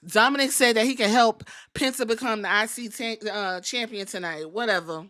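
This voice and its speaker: A woman hosting a podcast, recapping a wrestling show in animated, profane, storytelling chat. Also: on the high side, normal speed. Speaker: podcast host.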